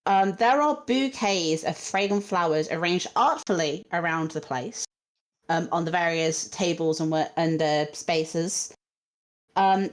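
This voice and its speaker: A woman runs a tabletop game over a home microphone, describing rooms and calling for checks. She speaks slowly and unhurriedly, with frequent ums and searching pauses between phrases. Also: medium pitch. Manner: slow, hesitant, many ums. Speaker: game master. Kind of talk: narrating a tabletop game online.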